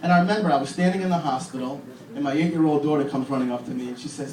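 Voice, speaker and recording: A man in his thirties doing a stand-up comedy set in a comedy club, with deadpan delivery and crude punchlines. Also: a little high, very fast. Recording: echoey club from far off. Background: audience laughter and room noise.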